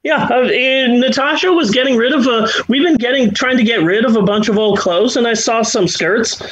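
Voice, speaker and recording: This middle-aged man hosting a podcast has an extremely high, husky, fairly bright voice at normal speed. His casual talk rambles, with self-deprecating humor and frequent restarts, captured in a low-quality recording.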